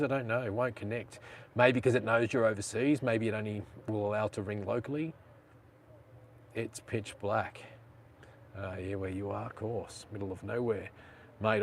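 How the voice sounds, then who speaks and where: A man's voice: on the low side, a little hiss or hum. A man with an Australian accent hosting a casual live stream, chatting and rambling in slang.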